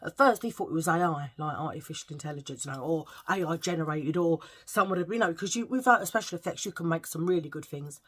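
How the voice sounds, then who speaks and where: Speaking fast and barely pausing, a middle-aged woman vlogger rambles through a story while eating, still searching for words as she goes. Her voice sits low and sounds slightly rough.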